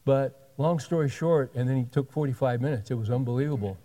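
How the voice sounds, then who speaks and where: A man with a mellow, mid-range voice preaches a sermon, telling a story conversationally and acting out the quick back-and-forth of what people said. The recording carries a long hall reverb.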